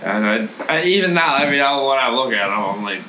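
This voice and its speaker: Brief: male coworker, animated pitch, dry teasing, echoey room with faint hiss. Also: fast. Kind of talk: casual chat. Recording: roomy sound with faint noise.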